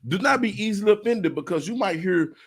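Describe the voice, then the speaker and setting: A man's voice: sits high, expressive, fast, husky. A man hosting a live stream panel, laid-back and drawling, giving heartfelt advice as he signs off. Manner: laid-back, drawling and preachy when signing off. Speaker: host of a live stream show. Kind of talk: casual panel chat and sign-off.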